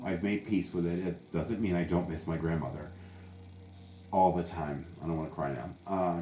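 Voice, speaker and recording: A man who works as a psychic medium, talking candidly and jokingly in a casual monologue. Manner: candid, joking, animated with sudden high jumps. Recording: echoey room, faint background hum.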